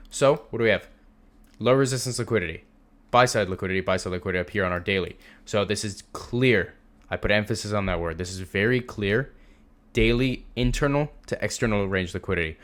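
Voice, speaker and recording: His voice is fairly low with a bit of brightness as this young trading instructor walks through a screen-shared lesson. He keeps it casual but emphatic, repeating words to drive points home.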